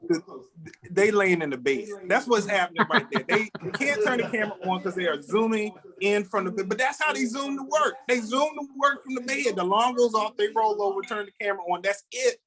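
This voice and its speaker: A man with a notably high voice tells rambling stand-up stories from home over a video call. He restarts his sentences often and chats straight to the viewers. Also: lively intonation, brisk, a crowd in the background, low-quality recording. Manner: rambling storytelling with frequent restarts. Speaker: stand-up comedian.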